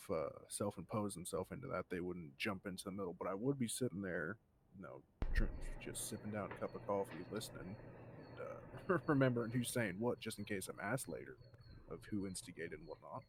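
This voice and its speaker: A man's voice: lowish voice, slight background noise. A man answering questions in a casual role-play interview, rambling with many restarts and fillers.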